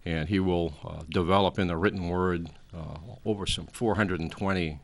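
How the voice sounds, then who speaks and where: Man, 60s, very low pitch, rambling, lecturing, trails off mid-sentence, talk show guest. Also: steady tone, moderate pace. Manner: frequent fillers, trailing off.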